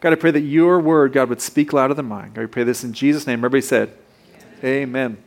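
A man's voice: mid-range voice, steady tone, quick pace, vocal fry. A man in his thirties preaching a sermon, casual and playful, with joking asides to the congregation. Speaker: pastor.

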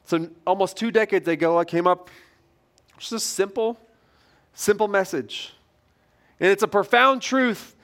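A middle-aged male pastor preaching a sermon from a church stage, telling stories in a conversational way that swings between loud and quiet. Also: high voice. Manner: conversational storytelling with lively shifts in loudness.

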